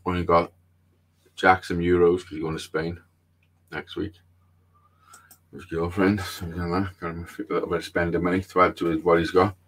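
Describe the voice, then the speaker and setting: A man chatting on his own livestream, with a lowish voice. He rambles loosely and swears constantly, and drifts from one everyday thought to the next. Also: level tone, brisk, pauses often, fairly bright tone. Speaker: livestream host. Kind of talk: casual chat.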